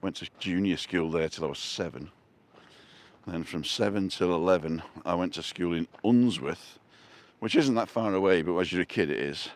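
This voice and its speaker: A middle-aged vlogger from North West England with a Manchester accent chats casually and rambles through asides while filming on a seaside walkway. His voice sits low and he talks at normal speed in this walking vlog.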